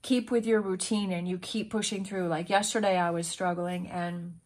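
A woman's voice: fairly low pitch, fairly even intonation, normal speed. A woman giving a casual tarot reading, talking in an earnest, encouraging way with many restarts and fillers, and sounding emotional. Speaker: tarot reader.

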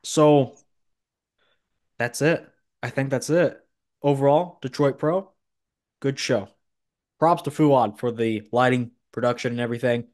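A man's voice: mid-range voice, measured pace, long pauses, darkish tone. A man with a middling voice hosts a casual podcast chat. He gives blunt opinions and often restarts his sentences as he goes. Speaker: podcast host.

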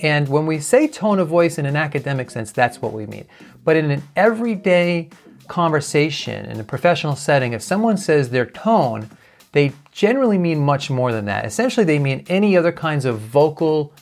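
A man teaching as a communication coach, explaining clearly and sometimes imitating sounds to demonstrate. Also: mid-range voice. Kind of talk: talking-head lesson.

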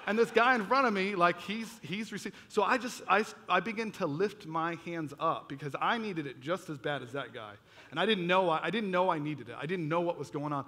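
A man with a bright, forceful voice preaches a personal testimony in a church. He tells the story with animated energy, acting out his own past reactions. His voice carries a long reverb from the large hall. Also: high-pitched, a little fast. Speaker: pastor. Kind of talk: sermon testimony. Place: church auditorium.

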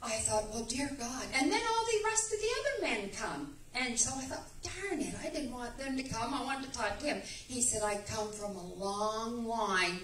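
A woman's voice: a little high, lively intonation, normal speed, few pauses, a bit bright. A woman giving a rambling, emphatic testimony in church. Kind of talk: animated testimony storytelling. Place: church sanctuary. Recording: echoey church room, distant mic.

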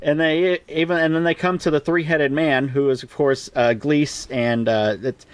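A man co-hosting a podcast, chatting casually about a movie in a rambling way, jumping into higher voices to act out quotes. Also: steady tone, normal speed, no echo. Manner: rambling, acts out quoted lines in a raised voice. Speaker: podcast co-host. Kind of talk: casual movie review chat.

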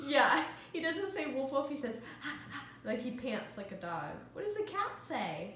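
A woman's voice: on the high side, very animated, moderate pace, hardly any pauses, fairly bright tone. A young woman vlogging casually, coaxing her toddler in a sing-song way. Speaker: vlogger mom. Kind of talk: casual vlog chat. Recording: echoey room with faint background noise.

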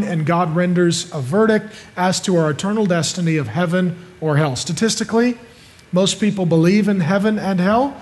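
A man in his thirties preaching a sermon as pastor, emphatic and building to loud, forceful peaks. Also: high-pitched.

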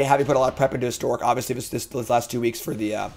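A man streaming a card game, thinking aloud through his plays and breaking into excited outbursts as he talks to chat. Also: medium pitch, very fast, creaky, few pauses. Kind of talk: casual gameplay commentary.

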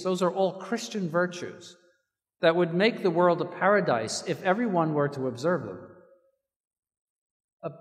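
Earnest bishop preaching in a reverberant church. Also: male voice, fairly high pitch. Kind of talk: sermon.

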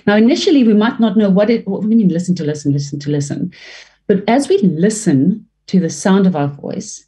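Woman, voice coach, warm mellow tone, expressive delivery, interview answers. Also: fairly quick. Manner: expressive, varies pitch and pace to demonstrate; fluent with frequent restarts. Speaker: leadership trainer and voice coach.

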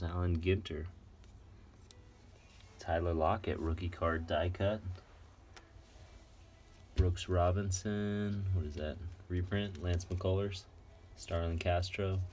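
Deep-voiced man excitedly sorting cards. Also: slight background noise. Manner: excited, rattling off card names. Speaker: card collector vlogger. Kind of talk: casual unboxing chat.

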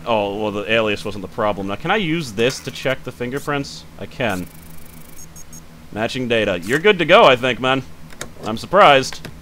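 A man giving casual let's-play commentary, thinking aloud as he checks details, quick to grumble and then apologize. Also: medium pitch, bright, forceful tone, slight background noise. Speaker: gaming channel host.

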